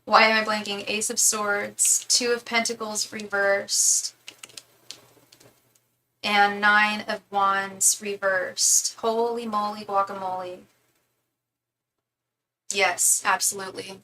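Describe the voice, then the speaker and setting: A woman's voice: medium pitch, level tone, slow, long pauses, bright, forceful tone, a little hiss or hum, poor audio. A woman giving a live tarot reading, emotional and close to tears, often repeating and restarting her words. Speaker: tarot reader.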